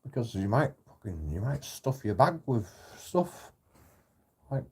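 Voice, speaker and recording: A man's voice: medium pitch, sing-song, a little slow, mellow, breathy edge. A man telling a sweary, rambling, indignant story in a casual vlog. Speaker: YouTube auditor and streamer.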